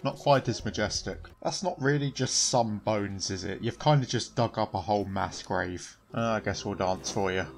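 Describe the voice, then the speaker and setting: A man's voice: on the low side, moderate pace, gravelly, hardly any pauses, faint music behind. A man giving joking commentary over a video game in a dry, sarcastic manner. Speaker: gaming channel host.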